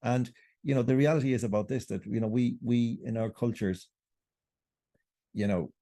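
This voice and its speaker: A man's voice: mid-range voice, moderate pace, warm tone, dry recording, clean studio sound. An older Irish man, a writer talking as a podcast guest, arguing in an impassioned, emphatic way. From Ireland. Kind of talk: conversational podcast interview.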